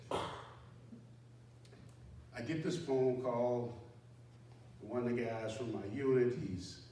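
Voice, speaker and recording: A man, a former army sergeant, telling a personal story live in a casual, self-deprecating way. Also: medium pitch. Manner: conversational, self-deprecating, acts out panicked dialogue with sharp rises. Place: indoor room at a community center. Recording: very echoey room, mic far off, faint noise.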